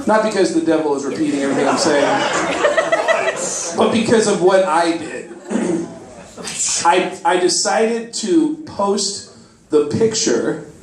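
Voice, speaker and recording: A man doing stand-up storytelling in a comedy club, excitable and profane, acting out the voices of the people in his story. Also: a little high, measured pace, long pauses, crowd noise. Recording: echoey club, mic heard from a distance.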